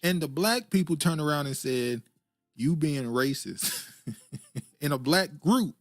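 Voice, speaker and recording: A man's voice: on the high side, lively intonation, moderate pace, dry recording, faint music behind. A man hosting a podcast, reacting casually to comments and clips and chuckling often. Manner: laid-back, chuckling, fillers. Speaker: podcast host.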